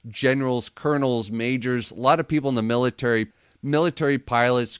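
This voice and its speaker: Animated, chatty man telling a story. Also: medium pitch, clean tone, no echo, clean studio sound. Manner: animated storyteller, laughs often, acts out quotes. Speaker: paranormal investigator guest. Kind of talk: casual radio interview storytelling.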